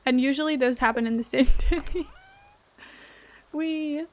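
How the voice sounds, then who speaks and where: Woman streamer, high voice, unhurried, giggly and chatty with viewers during a casual gameplay stream. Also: slight background noise. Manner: giggly, chatty, answering chat.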